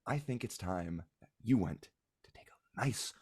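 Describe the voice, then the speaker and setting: Male game master playing a fussing rabbitfolk mom in a tabletop game, low voice, doting and scolding. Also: lively intonation, moderate pace, husky. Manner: fussing, scolding and hushed by turns. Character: doting, fussy middle-aged rabbitfolk mother.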